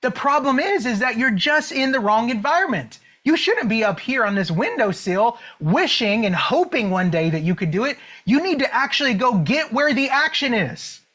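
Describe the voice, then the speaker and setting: A man's voice: very high voice, big pitch swings, normal speed, few pauses, pushed and bright, exaggerated voice. A man voicing a friendly, wise little male sparrow who gives casual, coaxing, bro-like advice.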